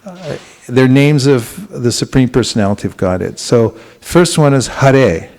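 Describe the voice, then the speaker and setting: A man giving a spiritual talk to a congregation in a temple, speaking gently and unhurriedly, with frequent restarts and questions to his listeners. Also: mid-range voice, expressive, unhurried. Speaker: spiritual teacher. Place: temple hall.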